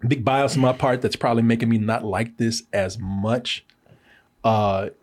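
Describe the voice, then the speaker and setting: A man's voice: medium pitch, fairly even intonation, measured pace. An American man hosting a film review podcast in casual chat. He talks animatedly, laughs often, swears and uses lots of fillers.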